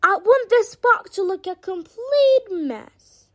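A bossy storybook villain queen, as a woman puts her on, scolding in a shrill, very high voice. She shouts her orders with big swoops of pitch. The delivery is slow and deliberate. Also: huge pitch swings, full character voice. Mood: cross. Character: bossy, cross female litter queen villain. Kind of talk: storybook reading.

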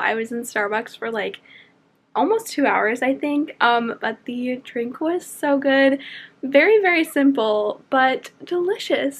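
A woman's voice: on the high side, a bit bright. A young woman chatting casually to her camera, bubbly and gushing about her day as a student vlogger. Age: young adult. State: out of breath. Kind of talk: casual vlog chat. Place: college dorm room.

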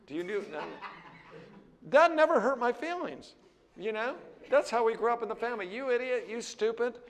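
Recorded with a long reverb tail, this older American seminary teacher lectures on the Bible to a class at a normal speed. His delivery is lively and frank, rising in pitch when animated and peppered with "right?" and "you know".

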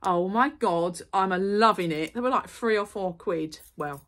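A middle-aged woman, chatting casually to camera as she unboxes and shows off purchases, rambling with quick asides and apologies. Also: medium pitch, a bit bright, faint music behind. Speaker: vlogger.

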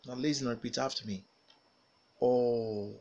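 Slow, deliberate male phonics teacher. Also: mid-range voice, animated, a bit bright, husky, lo-fi sound. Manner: slow, carefully enunciated single words with pauses for repetition. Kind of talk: pronunciation drill lesson.

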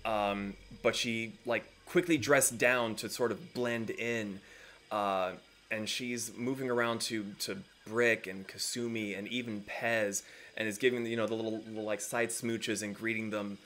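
A man's voice: on the low side, fairly even intonation, measured pace, fairly bright tone. A man narrating as game master in a tabletop game, rambling with many fillers.

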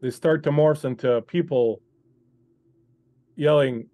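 A man running a tabletop game as game master, narrating scenes to a player in an unhurried, second-person way over an online call. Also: mid-range voice, mellow, no room sound.

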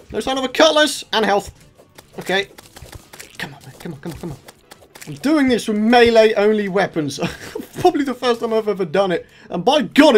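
Excitable guy narrating his gameplay. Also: high voice, a little hiss or hum. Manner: excitable, shouts at enemies, lots of repetition. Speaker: gaming YouTuber. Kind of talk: let's play commentary.

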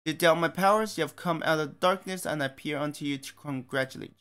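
A man's voice: fairly high pitch, quick pace, a bit bright, smooth, natural voice. A man voicing a commanding, condescending male god who speaks in a grand, lofty way.

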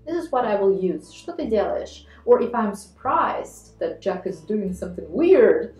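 A woman's voice: mid-range voice, animated. Woman teaching in an echoey room. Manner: explains clearly, repeats example phrases slowly. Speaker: language teacher co-host. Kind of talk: video language lesson. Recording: echoey room with faint guitar music.

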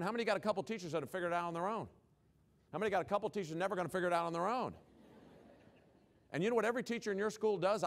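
Rapid-fire folksy male keynote speaker. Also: sits high. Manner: punchy rhetorical questions, folksy humor. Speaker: education speaker, former principal. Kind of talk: conference keynote talk.

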